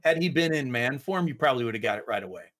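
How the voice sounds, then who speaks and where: A man's voice: mid-range voice, expressive, quick pace, a bit bright. Man, game master, tabletop game narration, casual, rambling.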